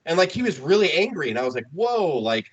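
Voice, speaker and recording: Animated man retelling a wrestling segment. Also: fairly high pitch, quick pace, breathy edge, muffled recording. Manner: animated storytelling, acting out quotes. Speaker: podcast co-host. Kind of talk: casual chat.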